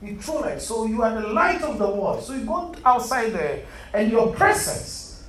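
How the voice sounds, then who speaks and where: A man's voice: high-pitched, very animated, moderate pace, hardly any pauses, fairly bright tone. Earnest male preacher, echoey room. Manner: earnest, quizzes listeners, repeats "beloved". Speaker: Bible study leader. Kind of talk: interactive sermon to a youth group. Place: room set up with chairs. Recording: echoey room, mic far off, faint hum.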